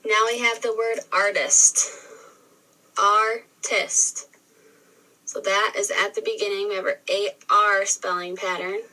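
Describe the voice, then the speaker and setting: A woman teacher giving a recorded spelling lesson, sounding words out slowly and clearly syllable by syllable. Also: mid-range voice, level tone, sharp tone. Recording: re-filmed video playback, distant sound.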